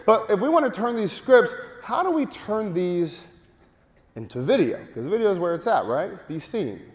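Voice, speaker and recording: A man giving a lively marketing seminar to a live audience, joking and urging the crowd to take part. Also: high voice, normal speed. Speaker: speaker at a marketing event. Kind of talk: energetic live seminar talk. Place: large hall with audience. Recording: long hall reverb.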